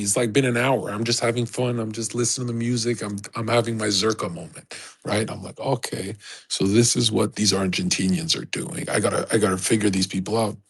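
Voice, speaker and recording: A man's voice: mid-range voice, breathy edge. A man livestreaming, telling a rambling, profane, boastful story in a casual way.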